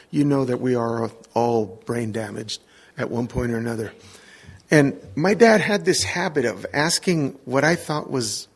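A middle-aged man preaching, telling an animated personal story in a sermon and acting out the voices of the people in it. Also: fairly high pitch, slightly rough. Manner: animated anecdotes with quoted voices and laughter.

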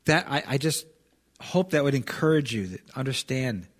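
A man's voice: medium pitch, animated, moderate pace. A man preaching a sermon, reading scripture with rising force and speaking earnestly with many restarts. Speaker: pastor.

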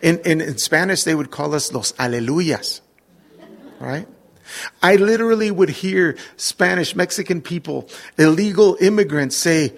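A middle-aged man preaching, telling an animated personal story in a sermon and acting out the voices of the people in it. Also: high voice, moderate pace, creaky, husky. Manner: animated anecdotes with quoted voices and laughter.

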